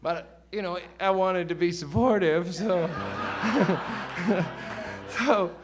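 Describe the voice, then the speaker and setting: A man's voice: sits high, very slow, faint music behind. A man, telling a long rambling story between songs at a live show, loose and chatty with swearing. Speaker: singer-songwriter on stage. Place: live concert venue.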